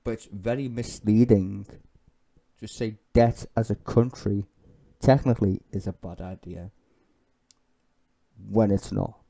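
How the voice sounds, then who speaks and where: Brief: male streamer, low gravelly voice, profane and sardonic, ranting about politics. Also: steady tone, measured pace, long pauses, crowd noise. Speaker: live streamer.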